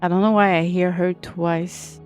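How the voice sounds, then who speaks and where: A woman's voice: lowish voice, level tone, a little slow, a little mellow, clear, resonant tone, soft background music. A woman from France with a French accent, chatting casually with her viewers during a game stream, giggly and talkative as she greets people by name. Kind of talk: casual live-stream chat while gaming.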